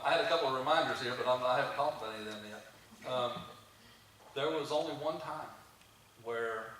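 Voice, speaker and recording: A man's voice: mid-range voice, fairly bright tone. A man giving a chatty testimony at a church service, telling stories with frequent restarts and chuckles. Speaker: guest speaker at a church service. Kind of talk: conversational testimony storytelling. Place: church sanctuary. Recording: very echoey hall, from far off, faint hiss.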